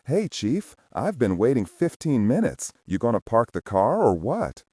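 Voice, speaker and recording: A man's voice: mid-range voice, huge pitch swings, measured pace, warm tone, slightly rough, no room sound, studio quality, full character voice. A man voicing a brusque, impatient wealthy driver who barks at a valet.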